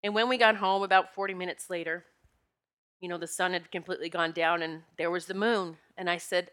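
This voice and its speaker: Woman host, bright and candid, spiritual storyteller, animated and emotional. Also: fairly low pitch, a little fast. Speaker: podcast host and retreat leader. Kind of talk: personal spiritual talk to listeners. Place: Pennsylvania home.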